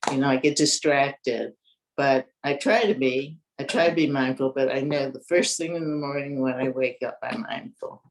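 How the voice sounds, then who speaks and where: A woman's voice: very deep voice, moderate pace, low-quality recording. Woman class member, plainspoken and reflective. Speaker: class participant. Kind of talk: sharing in a group discussion.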